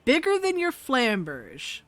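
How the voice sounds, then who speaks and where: A woman acting as game master, narrating scenes in a tabletop game session with a lively, laughing manner. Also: sits high, slow, soft background music.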